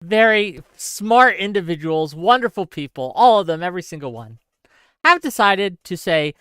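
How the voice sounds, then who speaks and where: A man hosting a livestream, ranting sarcastically while reading chat messages. His voice is bright and crisp and rises and falls a lot. He sounds exasperated, and the close mic is dry. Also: high-pitched, animated, normal speed, dry recording. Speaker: streamer host.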